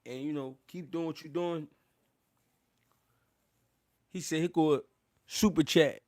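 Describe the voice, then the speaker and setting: A man's voice: on the high side, fairly even intonation, slow, a little mellow. A man hosting a boxing live stream, chatting casually in loose street slang, laughing and thanking viewers. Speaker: boxing livestream host.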